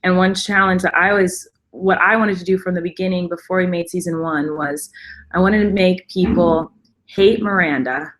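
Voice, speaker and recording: A woman hosts a casual live stream, talking at length in an enthusiastic, rambling way with lots of fillers. Her voice is on the low side with a fairly bright tone, and she keeps a steady tone at a moderate pace.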